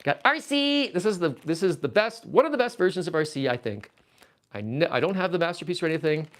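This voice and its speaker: A man's voice: a little high, a little fast. Canadian guy chatting on his stream, rambly and goofy, voice bounces up and down a lot. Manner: rambling, playful, easily excited. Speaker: livestream host reading viewer chat. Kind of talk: casual livestream chat while packing toys.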